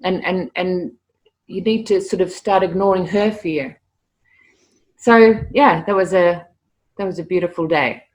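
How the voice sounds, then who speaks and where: A middle-aged woman, a guest telling stories in a casual interview, lively and often repeating words as she starts a sentence. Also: on the low side, a little slow, long pauses. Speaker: interview guest, animal communicator.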